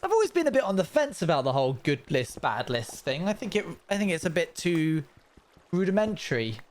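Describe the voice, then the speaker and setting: A man's voice: high-pitched, very animated, brisk. Wry man streaming. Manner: chatty, wry, rambling with frequent restarts. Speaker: streamer reacting to a video. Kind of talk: casual live-stream commentary.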